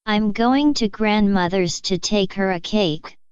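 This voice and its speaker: A woman's voice: medium pitch, measured pace, clear, resonant tone, no echo, muffled recording, close to an everyday voice. A woman voicing a polite, wide-eyed little girl in a storybook reading. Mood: innocent. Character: young girl, polite and innocent.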